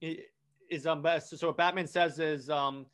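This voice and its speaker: A man's voice: fairly high pitch, steady tone, normal speed, a bit bright, clear, resonant tone. A man casually retelling a comic storyline, rambling with many restarts and false starts. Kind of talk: casual comic plot recap.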